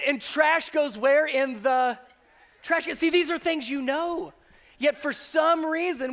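A man's voice: very high-pitched, a little slow. A man, a pastor, preaching a sermon and acting out the voices he quotes. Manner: animated, acts out quoted voices.

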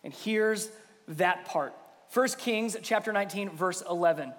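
Pastor, male, high voice; preaches with big dynamic swings, loud to hushed, in a church hall with long reverb. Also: measured pace. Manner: swings from loud emphatic peaks to hushed near-whispers. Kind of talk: sermon.

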